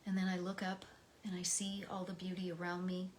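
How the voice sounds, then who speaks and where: An American woman reading poems aloud and talking between them in a soft, slow way, her voice often dropping to a whisper. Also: fairly low pitch, completely flat delivery, slight background noise. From United States. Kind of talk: reflective poetry reading.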